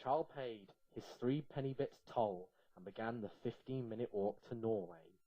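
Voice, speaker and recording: A man reading a comic story aloud in a playful, lively way. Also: mid-range voice, moderate pace, no room sound, muffled recording.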